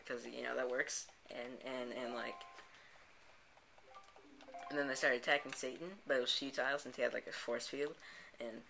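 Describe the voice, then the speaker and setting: A man's voice: medium pitch, steady tone, normal speed, creaky, pauses often, pushed and bright, rough recording. A man, the host of a gameplay channel, improvising a rambling story full of "and then, like" restarts. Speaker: let's play host. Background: background music.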